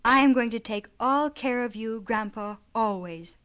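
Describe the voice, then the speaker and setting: A woman's voice: a little high, unhurried, a bit bright, clean tone. A woman reading an audiobook, voicing a sweet little girl who speaks in an earnest, eager way. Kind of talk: audiobook character voice.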